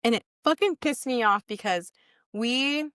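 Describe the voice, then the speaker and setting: On a podcast, a young female guest candidly recounts a personal story in casual conversation, swearing heavily and acting out what others said. She speaks at a measured pace in a fairly high, fairly bright, clean voice, in clean studio sound with no room sound.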